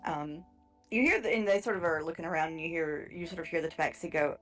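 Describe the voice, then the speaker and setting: A woman game master narrating a tabletop game in a relaxed, rambling way, laughing often. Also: low-pitched, fast talker, soft background music, poor audio.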